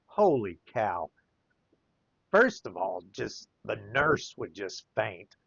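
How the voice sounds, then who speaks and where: A man's voice: lowish voice, slow, vocal fry, slightly rough, no echo, lo-fi sound. A man telling a casual anecdote while he draws, chuckling often as he talks. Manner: chuckles often, lively rise and fall. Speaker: artist and storyteller.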